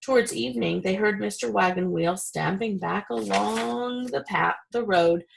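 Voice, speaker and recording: Storybook reader: woman, middle pitch, slightly gravelly, steady narration. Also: measured pace, hardly any pauses, poor audio. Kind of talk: storybook reading.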